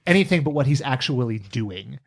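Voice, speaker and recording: A man co-hosting a casual podcast, recapping a cartoon with animated, laughing, profane asides. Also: mid-range voice, brisk, gravelly. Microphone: studio podcast mic.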